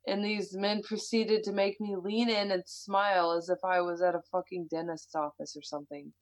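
A woman's voice: fairly low pitch, flat delivery, normal speed, poor audio. A woman with an American accent, casually chatting and reading a listener's story aloud, laughing often and swearing freely. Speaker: podcast co-host.

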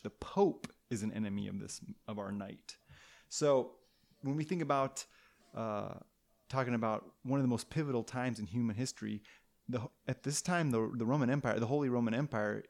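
Man, gravelly, mid-pitched, casual podcast storyteller, playful, rambling. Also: darkish tone. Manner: rambling, playful, with restarts and tangents. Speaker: podcast host telling a history story.

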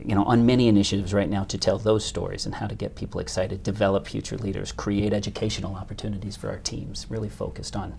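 A man's voice: on the low side, little pitch movement, creaky, a little mellow, a little hiss or hum. A man being interviewed as a hotel company executive, speaking with frequent restarts and repetitions. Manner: halting, many restarts. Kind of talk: business interview.

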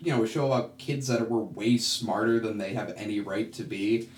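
A man co-hosting a podcast in casual chat, joking with quick asides. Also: lowish voice, fairly even intonation, a little mellow, far from the mic, a little hiss or hum. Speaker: podcast co-host. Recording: roomy echo, off-mic.

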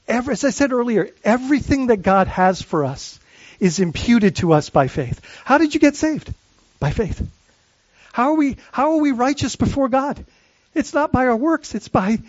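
A man's voice: high voice, a little mellow, no room sound, muffled recording. A man preaching a sermon as pastor, earnest and searching, often restarting phrases and asking the congregation questions.

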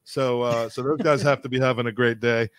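A man's voice: mid-range voice, steady tone, fairly quick, smooth, no echo. A man hosting a casual podcast chat, talking in a friendly, hesitant way with many fillers. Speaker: podcast host.

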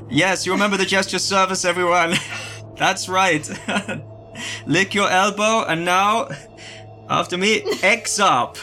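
A man's voice: high voice, fairly even intonation, takes it slowly, pauses often, bright, forceful tone, soft background music. A man playing a tabletop game in character, calling out ritual words for others to repeat and often laughing. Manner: chanting commands, breaking into laughter. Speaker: player leading a ritual in character. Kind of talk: in-character tabletop role-play.

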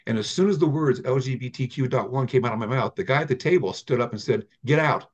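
A man's voice: mid-range voice, quick pace, darkish tone, muffled recording. An older man, a guest in an interview, telling long rambling stories about the app he built, with frequent restarts. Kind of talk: conversational interview storytelling.

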